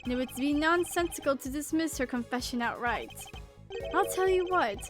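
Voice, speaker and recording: A woman's voice: sits high, expressive, moderate pace, faint music behind. A woman voicing a pompous older man in a courtroom, condescending and calling others "dear boy". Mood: smug. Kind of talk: reading game dialogue aloud.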